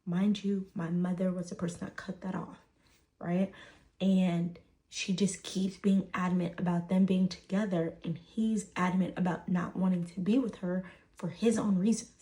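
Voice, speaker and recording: A woman's voice: lowish voice, flat delivery, normal speed, mellow. A woman, casually telling a personal story full of fillers and "right?". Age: 20s.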